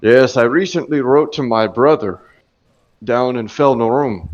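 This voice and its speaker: A man voicing a gruff male dwarf riding a minecart, speaking low and measured. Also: a little mellow, muffled recording, lightly acted. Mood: gossiping.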